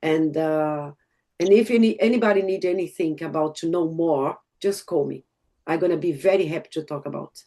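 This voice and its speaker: Excited Brazilian woman on a call. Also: sits low, brisk. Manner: enthusiastic, emotional, non-native grammar. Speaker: network marketer giving a testimonial. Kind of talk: online group call testimonial. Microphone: video call.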